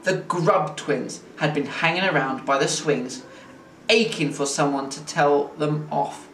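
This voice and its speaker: Man, storybook read-aloud, expressive and playful, echoey room, mic far away, faint hiss. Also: a little high, unhurried. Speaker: teacher reading to children.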